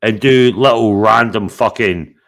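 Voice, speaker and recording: Sweary man, fairly low voice. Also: measured pace, a bit bright. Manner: blunt, sweary, confrontational. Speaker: live stream host. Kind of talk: heated live stream chat.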